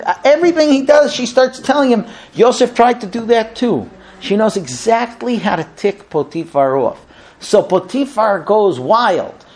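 A man giving a Torah lesson as a sermon, telling the story in a lively way and acting out the voices of the people in it. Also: high-pitched, gravelly. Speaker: rabbi teaching Torah.

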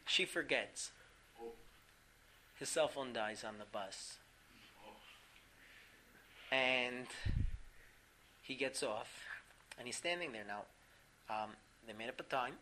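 A man teaching a class through a story, animated, laughing often and filling pauses with "um". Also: medium pitch, a little hiss or hum, poor audio. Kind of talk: storytelling lesson.

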